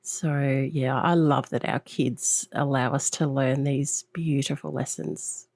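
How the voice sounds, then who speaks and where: A woman hosting a podcast interview, talking in an earnest, reflective way that is sometimes halting. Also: a bass voice, fairly even intonation, gravelly, darkish tone, no room sound. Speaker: podcast host. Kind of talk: conversational interview.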